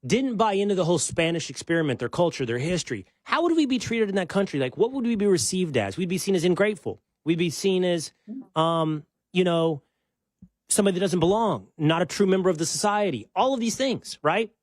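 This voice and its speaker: Male host, lively and emphatic, fairly high voice, dry studio sound. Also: brisk, no echo. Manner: conversational, emphatic, argues with rhetorical questions. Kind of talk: political talk show conversation.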